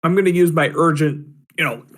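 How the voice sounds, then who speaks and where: A man playing a tabletop game, speaking hesitantly with many pauses and ums. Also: fairly high pitch, fairly bright tone. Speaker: player. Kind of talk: casual tabletop game chat.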